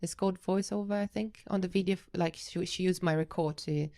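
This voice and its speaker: A woman with an Italian accent, a researcher being interviewed on a podcast, who hesitates and restarts often but gets animated when she explains. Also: fairly low pitch, brisk. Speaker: guest researcher.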